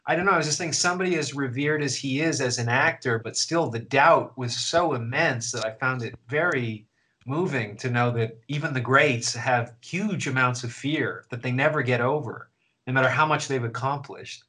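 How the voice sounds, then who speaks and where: A man's voice: mid-range voice, moderate pace, pushed and bright, low-quality recording. A man hosting a casual interview, musing in a thoughtful, reflective way. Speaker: interview host.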